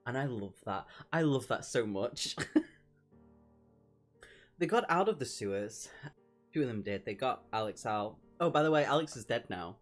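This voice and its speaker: A man hosting a book review vlog, reading excerpts from a novel aloud and breaking off to react. His voice sits at an everyday middle pitch, and his delivery is emphatic and expressive, swinging from glee to revulsion. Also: normal speed, pauses often, faint music behind. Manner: emphatic, reacting with disgust and delight.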